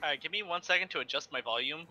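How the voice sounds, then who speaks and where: A man's voice: a little high, rapid-fire, bright, forceful tone, dull audio. A man chatting casually with friends during a game, laid-back and teasing. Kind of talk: casual gaming chat.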